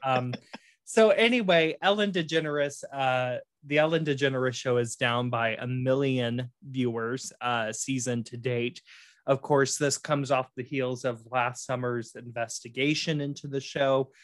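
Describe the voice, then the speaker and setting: A man's voice: medium pitch, unhurried, fairly bright tone, no room sound, clean studio sound. A man hosting a casual podcast chat, playful and camp, often laughing. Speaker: podcast host.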